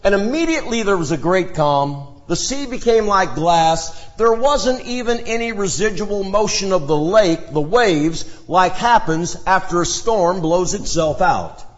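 Male pastor, high and expressive, deliberate sermon pacing; muffled recording, long reverb of a church hall. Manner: expository Bible teaching, dramatic shifts in emphasis. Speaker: preacher.

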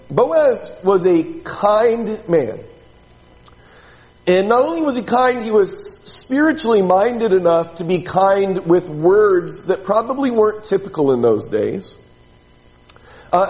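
A man with a high voice preaches a sermon, speaking conversationally to his congregation and asking question after question. His words ring out with a long reverb, as in a large church sanctuary. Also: a little mellow. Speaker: pastor.

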